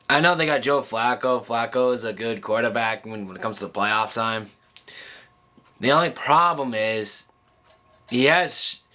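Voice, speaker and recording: A man with a bright, forceful tone talks straight to his viewers about the playoffs. He halts often, restarting his sentences and filling gaps with ums. He sounds close to tears. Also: mid-range voice. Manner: halting, many ums and restarts, choked up. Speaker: sports vlogger. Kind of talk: casual emotional monologue.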